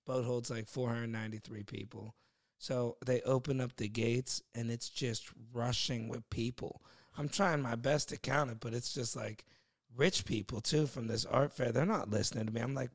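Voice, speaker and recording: A man's voice: medium pitch, normal speed. A young man, a podcast guest, telling a work story in casual chat, laughing often and acting out the other people's voices.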